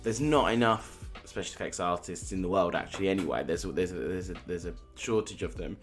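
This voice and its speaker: A man's voice: low voice, a little fast, faint music behind. A man co-hosting a casual film podcast, talking in opinionated bursts with frequent restarts. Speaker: podcast co-host. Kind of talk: casual film review chat.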